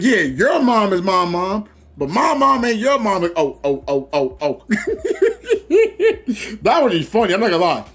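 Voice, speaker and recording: A man with a high, husky voice streams a game, rambling through casual livestream chat and acting out the quoted voices of other people.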